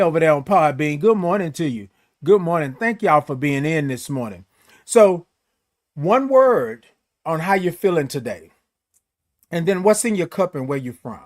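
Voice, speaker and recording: Greeting his audience one by one with lengthy, singsong good mornings, a man hosts a relaxed morning live stream. His voice is on the high side, and he sounds upbeat and reassuring.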